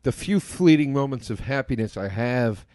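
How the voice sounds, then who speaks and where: A young man co-hosts a podcast and delivers bleak, profane rants. His pitch swings widely up and down as he vents. The sound is dry and close, and his voice sits in an ordinary male pitch. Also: lively intonation, normal speed, darkish tone, dry recording. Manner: gloomy, profane ranting. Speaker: podcast co-host. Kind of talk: casual podcast chat.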